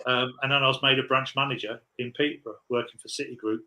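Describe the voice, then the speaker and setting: A man's voice: medium pitch, fairly even intonation, fast, sharp tone, low-quality recording. A man in his forties, a podcast guest, telling rambling, laughing anecdotes in casual chat.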